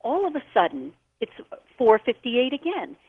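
Woman guest, expressive storyteller, acts out quoted voices, dry tinny phone line. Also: a little high, normal speed, husky, no room sound. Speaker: guest author. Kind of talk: storytelling on a call-in show.

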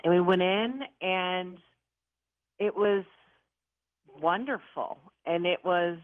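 A woman in her fifties from the Chicago area recounts her ghost encounters with lively drama and self-mocking humor. Her voice comes through a thin, phone-like line with no room sound at all. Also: lowish voice, slow, no echo. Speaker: paranormal investigator guest. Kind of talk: animated storytelling interview. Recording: tinny phone-like line, dry.

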